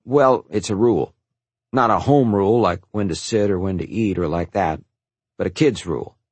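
A wary, streetwise orphan boy who talks with the quiet certainty of a kid who has learned the rules the hard way, as a man with a husky voice raises his pitch to play him. The sound is dry and close. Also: normal speed, no room sound. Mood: earnest. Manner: earnest, explaining hard truths. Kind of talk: audiobook character voice.

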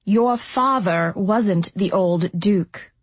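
A woman's voice: mid-range voice, unhurried, darkish tone, breathy edge, no echo. A woman voicing a mysterious young male fallen angel who talks in a lazy, mocking, commanding way in a storybook reading.

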